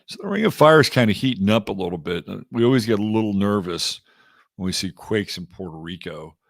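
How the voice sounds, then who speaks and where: A man's voice: fairly low pitch, expressive, fairly quick, gravelly, dry recording, clean studio sound. A middle-aged man from Texas hosting an astrology livestream, chatting loosely and greeting viewers by name. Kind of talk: casual livestream chat.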